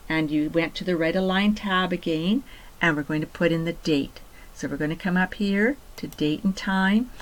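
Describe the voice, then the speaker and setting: A woman teacher giving patient step-by-step instructions in a screen-recorded software tutorial, repeating key points. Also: fairly low pitch, poor audio. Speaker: computer teacher.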